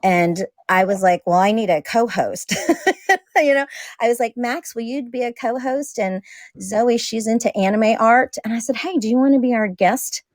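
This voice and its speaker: A woman's voice: on the high side, normal speed, no room sound. A woman chatting casually as a guest, laughing often and acting out bits of family dialogue. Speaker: single mother. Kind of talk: casual conversation.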